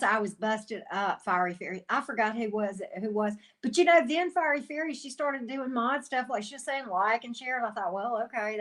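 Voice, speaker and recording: A woman's voice: mid-range voice, fairly bright tone. Chatty woman greeting her viewers. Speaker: tarot reader and channel host. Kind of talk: casual livestream chat with viewers.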